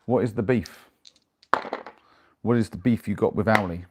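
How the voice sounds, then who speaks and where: A man with a lowish voice talks casually to his live viewers, picking up their messages one by one. Steady noise and clicks sit under the recording. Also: normal speed. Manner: chatty, reads out and answers viewer messages. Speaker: live streamer. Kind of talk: casual live stream chat. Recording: noisy with clicks.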